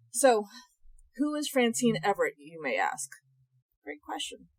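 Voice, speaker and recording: A young woman co-hosting a casual podcast chat, animated and sarcastic, swearing freely. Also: fairly low pitch, no echo, poor audio. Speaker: podcast co-host.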